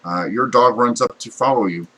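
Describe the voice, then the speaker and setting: A man's voice: medium pitch, moderate pace, pushed and bright, low-quality recording. A man running a tabletop game as game master, narrating the action and explaining rules with plenty of fillers.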